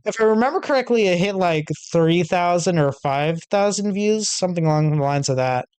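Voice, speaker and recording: Streamer guy reading a visual novel and rambling to chat, smooth clear voice, dead dry sound. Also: sits high, animated, brisk, a little mellow, dry recording. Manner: casual, self-deprecating, lots of fillers. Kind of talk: reading a visual novel aloud and chatting with viewers.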